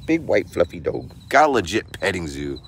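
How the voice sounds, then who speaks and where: A man's voice: low-pitched, sing-song, normal speed. Guy vlogging on his farm, chatty, lots of ups and downs in his voice, little bit of outdoor hiss. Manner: chatty, laughs often, coos to the animals. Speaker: vlog host. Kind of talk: casual vlog chat.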